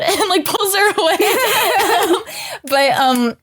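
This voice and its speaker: A woman's voice: very high-pitched, sing-song, a little slow, a bit bright. A woman co-hosting a casual podcast chat, laughing often and filling with "like". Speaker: podcast co-host.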